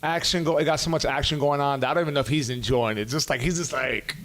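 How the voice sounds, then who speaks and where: A man's voice: on the high side, quick pace. A male comedian hosting a podcast, telling stories in casual chat, swearing freely and acting out what people said. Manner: animated storyteller, swears freely, acts out quotes.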